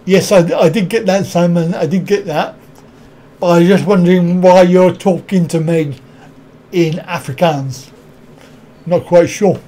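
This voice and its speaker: High-voiced, unhurried man chatting on a live stream. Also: warm tone. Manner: rambling, reads viewer comments aloud and answers them; chuckles often. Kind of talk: casual live stream chat.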